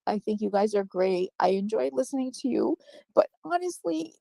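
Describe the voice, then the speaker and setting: A woman's voice: medium pitch, lively intonation, moderate pace, creaky, warm tone, dry recording, poor audio. A woman speaking as a guest on a live-stream panel chat, rambling and defensive, often apologizing and backtracking.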